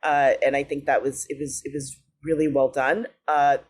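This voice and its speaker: A woman's voice: extremely low pitch, flat delivery, normal speed, darkish tone, slightly rough. A woman co-hosting a podcast, talking in a casual, enthusiastic way and laughing often. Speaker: podcast co-host. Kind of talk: casual chat.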